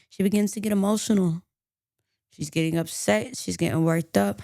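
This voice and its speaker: A woman podcast host recounting a true crime case in an animated, storytelling way. Her voice has a gravelly texture and a middle pitch. The sound is close and dry. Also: moderate pace, dry recording. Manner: animated, acts out quotes.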